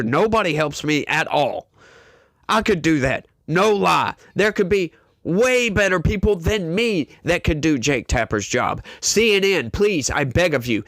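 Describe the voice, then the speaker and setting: A man's voice: a little high, a bit bright, no room sound. A male commentary host ranting emphatically, exasperated and repeating himself as he rails against the news.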